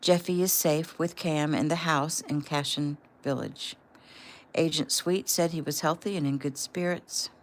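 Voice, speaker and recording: A woman's voice: deep voice, steady tone, measured pace. A woman reading the part of a middle-aged father passing on good news to his family. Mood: reassuring.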